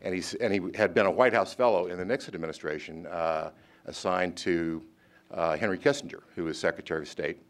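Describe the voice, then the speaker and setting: An older man, a former naval officer hosting the event, telling a story with many pauses and filler sounds. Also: low-pitched. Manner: halting, lots of uhs. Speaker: event host. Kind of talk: closing remarks and anecdote.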